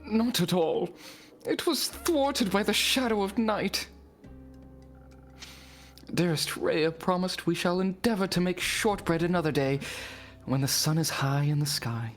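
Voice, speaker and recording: A woman's voice: fairly low pitch, animated, unhurried, pauses often, faint music behind. A woman voicing a formal fantasy character with grand, old-fashioned phrasing in a live fan dub.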